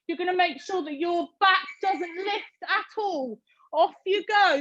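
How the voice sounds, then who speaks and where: A woman's voice: extremely high pitch, unhurried, fairly bright tone, lo-fi sound. A British woman leading a live online workout class, calling out reps and counting down as she cheers her students on. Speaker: fitness instructor.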